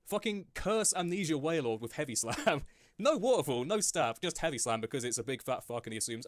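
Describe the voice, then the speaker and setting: A man's voice: fairly high pitch, expressive, brisk, dry recording. A man ranting in a profane, scornful way about another creator. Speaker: video creator. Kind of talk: clip from a video rant.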